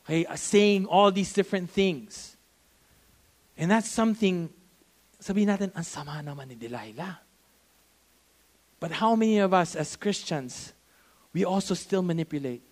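A middle-aged man with a Filipino accent preaching a sermon as a pastor, switching between English and Tagalog in a conversational way and acting out quick voices. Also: high-pitched, expressive, a little mellow.

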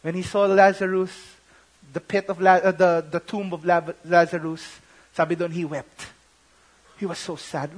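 A young Filipino man preaching a sermon, mixing English and Tagalog and swinging between loud outbursts and hushed, intimate tones. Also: sits high, level tone, moderate pace. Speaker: pastor.

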